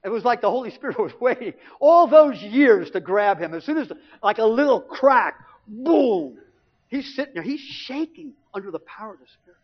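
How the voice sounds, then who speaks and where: A middle-aged man preaching, telling a lively personal story from the pulpit and acting out what his family said. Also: extremely high pitch, moderate pace, breathy edge. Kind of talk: sermon testimony storytelling. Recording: dull lo-fi recording.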